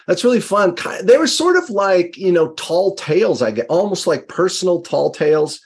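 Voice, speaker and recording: A man's voice: high voice, expressive, normal speed, husky. A man hosting an interview, musing thoughtfully with frequent hesitations. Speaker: podcast host. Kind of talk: conversational interview.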